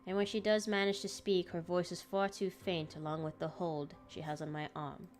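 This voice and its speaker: A woman's voice: on the low side, flat delivery, moderate pace, faint music behind. A woman streamer reading a visual novel aloud dramatically, breaking off with laughing asides.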